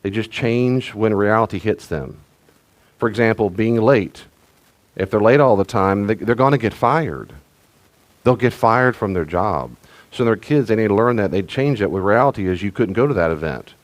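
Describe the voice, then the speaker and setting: Middle-aged pastor guy, deep voice, chatty and rambly, keeps restarting sentences. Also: lively intonation, normal speed. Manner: conversational, rambling with restarts and asides. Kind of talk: sermon-style teaching talk.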